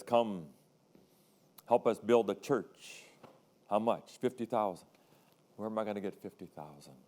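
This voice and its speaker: A man's voice: lowish voice, darkish tone, smooth. An older man, a retired pastor, preaching a sermon in a conversational way, telling personal stories and acting out the voices of people in them.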